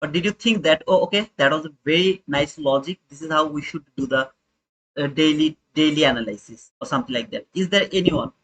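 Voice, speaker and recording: A man's voice: fairly high pitch, a little fast, fairly bright tone, husky, poor audio. A young man hosting a live trading stream, talking informally to his chat and repeating his points. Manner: informal, repetitive, talks to chat viewers. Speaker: trading livestream host.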